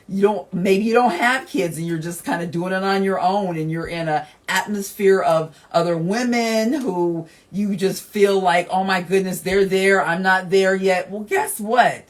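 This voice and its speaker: Slow-talking encouraging woman podcast host. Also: mid-range voice. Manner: encouraging, speaks straight to listeners; emotional, laughing through tears. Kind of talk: motivational podcast monologue.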